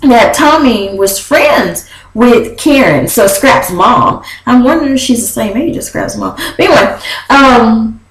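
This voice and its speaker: A woman's voice: fairly high pitch, unhurried, echoey room, rough recording. A young woman vlogger giving a sassy, chatty recap, often slipping into mock voices. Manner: sassy, chatty, animated with laughs and quoted voices. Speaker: vlogger recapping a reality show. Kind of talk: casual gossip recap.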